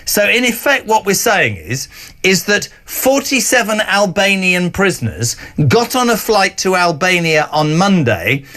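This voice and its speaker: A male presenter with a notably high voice, holding forth on a panel discussion. He rants with heated conviction and drops in sarcastic asides. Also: big pitch swings, a little slow, bright, forceful tone. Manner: impassioned, sarcastic ranting. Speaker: talk show presenter.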